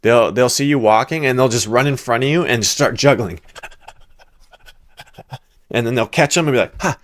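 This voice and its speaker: A man's voice: mid-range voice, moderate pace. A man hosting a reaction video, telling loose, profane anecdotes in a casual chat. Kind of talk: casual storytelling commentary.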